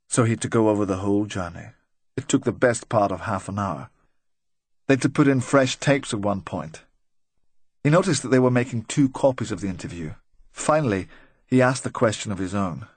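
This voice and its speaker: Man reading a crime audiobook, lowish voice, dry close mic, steady pace. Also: husky, dry recording. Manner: measured, even storytelling. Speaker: audiobook narrator. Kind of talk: scripted audiobook narration.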